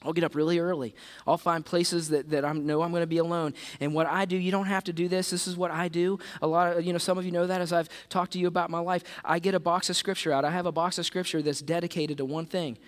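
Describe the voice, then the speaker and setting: Animated high-voiced male pastor. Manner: animated, plays disciples and Jesus in quick voices. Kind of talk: sermon.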